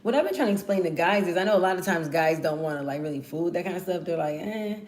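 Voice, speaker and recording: A woman's voice: on the low side, rapid-fire, darkish tone, slight background noise. A woman of about forty from Texas, talking to camera in a loose, profane, playful ramble as podcast host. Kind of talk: casual monologue to camera.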